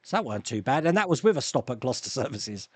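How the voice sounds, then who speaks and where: A man's voice: medium pitch, very animated, fast, breathy edge, dry recording. Chatty man, dry sound. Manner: chatty, rambling, laughs often, many restarts. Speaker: live stream host. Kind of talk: casual chat reading viewer comments.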